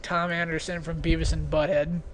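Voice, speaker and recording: A young man giving loose, rambling commentary on his own video, with many pauses and fillers. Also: a little high, flat delivery, slight background noise. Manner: rambling, hesitant, full of fillers. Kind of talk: casual commentary.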